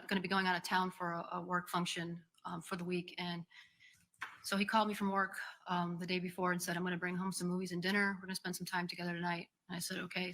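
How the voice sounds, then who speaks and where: A woman in her forties testifying in a courtroom, speaking haltingly with many pauses and ums. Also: fairly low pitch, sharp tone. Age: 40s. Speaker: defendant testifying.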